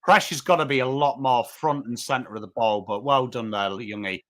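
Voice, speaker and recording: A man with an English accent hosting a live footy watchalong, mixing game commentary and cheering with quick replies to viewers in chat. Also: medium pitch. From England. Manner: animated, jumps between cheering the team and greeting viewers. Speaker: livestream host.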